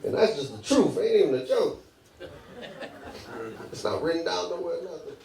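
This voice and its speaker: Animated young man doing stand-up. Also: a little high, moderate pace, creaky. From Michigan. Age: young adult. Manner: animated, laughing through jokes. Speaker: stand-up comedian. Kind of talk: stand-up comedy set. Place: comedy club stage. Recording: echoey room, far mic, loud crowd.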